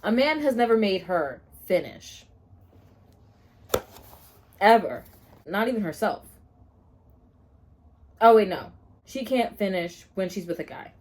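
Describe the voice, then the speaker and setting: A woman's voice: mid-range voice, animated, takes it slowly, pauses often, darkish tone, slight background noise. A young woman chatting casually in a reading vlog, gushing expressively and laughing often. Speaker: book vlogger.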